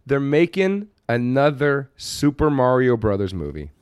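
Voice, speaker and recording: A man co-hosting a podcast in casual chat, excitable and profane. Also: medium pitch, a little slow, clear, resonant tone, no echo. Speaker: podcast co-host.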